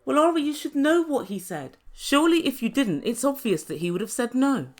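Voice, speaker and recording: Woman, sarcastic, gossipy, reviewing reality TV, fairly high voice. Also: sing-song. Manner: sarcastic, gossipy, dramatic pauses. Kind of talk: sarcastic recap commentary.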